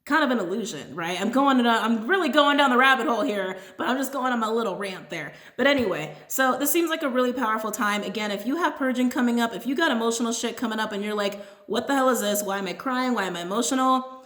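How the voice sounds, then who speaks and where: A woman's voice: fairly high pitch, lively intonation, quick pace, hardly any pauses, fairly bright tone, roomy sound. A woman giving a casual, rambling tarot reading to her viewers, often tagging her points with "right?". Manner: chatty and rambling, with frequent "right?" asides. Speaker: tarot reader.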